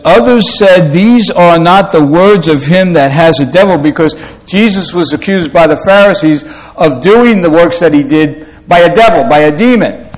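A man preaching a sermon in a slow, halting way, with many fillers and restarts. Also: on the high side. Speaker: pastor.

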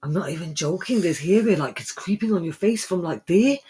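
Sweary husky woman. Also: on the low side, lively intonation, fairly quick. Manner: loud, sweary, laughing banter. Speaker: podcast co-host. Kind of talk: casual chat.

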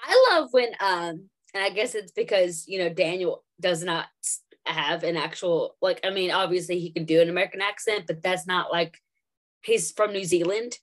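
A young woman with a fairly low voice talks at normal speed while co-hosting a podcast. It's casual chat, and she rambles with plenty of fillers.

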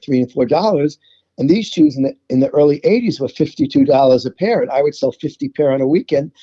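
Chatty New York man, dark voice. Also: medium pitch, muffled recording. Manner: chatty storyteller, repeats words when starting. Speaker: songwriter guest. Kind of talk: interview conversation.

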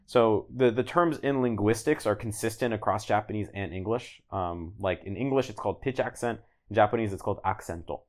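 Low-voiced man, casual and rambling. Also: a little fast, hardly any pauses. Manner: relaxed, rambling, many "like"s and restarts. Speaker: guest, language learner. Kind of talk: casual podcast interview.

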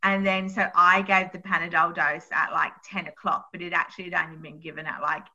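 A woman who works as a midwife, chatting casually and telling stories about work with a lively, animated delivery. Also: fairly low pitch, a little fast, muffled recording. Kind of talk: casual chat.

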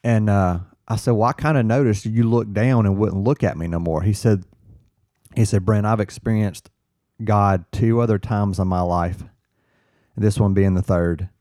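A man, a firefighter guest, telling an earnest story in casual chat, halting and restarting as he quotes what others said. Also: lowish voice, steady tone, mellow, dry recording, studio quality.

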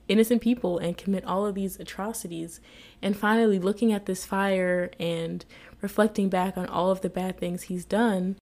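A woman talks through a TV episode in a casual, chatty recap. Her voice sits at a middle pitch, and she is expressive and quick to laugh. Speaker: TV episode reviewer.

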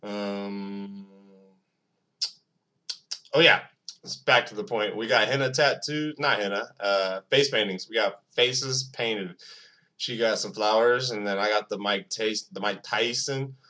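A man's voice: lowish voice, unhurried, pushed and bright. A man hosting his own podcast, rambling alone in a profane, self-mocking casual monologue. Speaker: podcast host.

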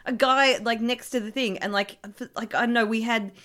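A woman's voice: on the high side, brisk. A young woman, telling wry anecdotes in a casual chat. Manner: wry deadpan anecdotes with laughs.

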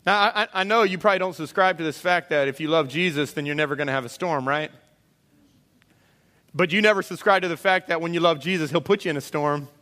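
A man preaching a sermon with a slightly high voice, full of energy and quick turns into voices for the people in the story. His words ring out with a long reverb around him, the sound of a big church hall. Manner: animated, acts out voices of disciples and Jesus. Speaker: pastor.

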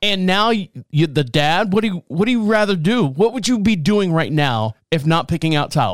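Man, podcast host, wry rambling storyteller, slightly high voice, smooth, dry sound. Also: lively intonation, normal speed, few pauses, no room sound. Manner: rambling, wry, chuckling asides. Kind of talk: casual comic storytelling monologue.

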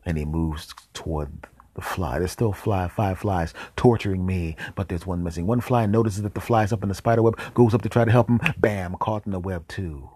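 A man with a very deep, husky voice tells an absurd story in a dry deadpan, now and then dropping to a whisper for an aside. The sound is close and dry, with no room around it. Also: moderate pace, dry recording. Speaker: podcast host. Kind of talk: comic storytelling.

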